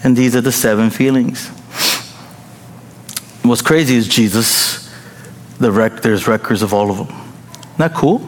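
A man's voice: mid-range voice, a little slow, long pauses. A middle-aged male pastor preaching a sermon in a playful, joking way, chuckling often. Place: large church hall. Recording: reverberant hall with faint noise.

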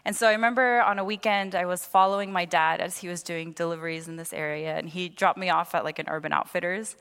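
A young woman preaches a sermon, animatedly telling a personal story and acting out the voices of the people in it. Her voice is on the low side, fast, and clean. The recording carries a long hall reverb.

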